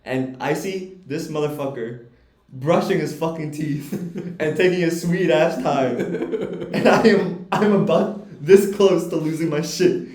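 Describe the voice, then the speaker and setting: Animated, profane young man telling a story. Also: a little high, measured pace. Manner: animated, profane, laughs while telling stories. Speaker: podcast co-host. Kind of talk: casual storytelling chat. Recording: echoey room.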